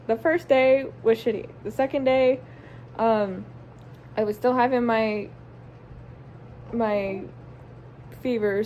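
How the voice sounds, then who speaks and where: A woman's voice: on the high side, darkish tone, a little hiss or hum. A young woman, a stay-at-home mom, casually and candidly telling a personal story to camera, swearing constantly and stringing her sentences together with lots of "like" and "um". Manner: run-on sentences with many likes and ums.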